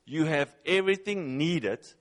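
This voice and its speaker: A male preacher delivering a sermon in English, his second language. His voice sits slightly high. He is emphatic, repeats his points and keeps questioning his listeners. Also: expressive, measured pace. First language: not English. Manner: emphatic, repeats phrases, asks the audience questions.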